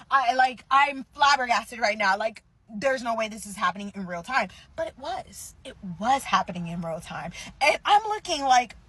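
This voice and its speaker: A woman in her twenties ranting through a storytime to her viewers, animated and profane. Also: a little high, a little hiss or hum, low-quality recording. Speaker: vlogger. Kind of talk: casual storytime rant.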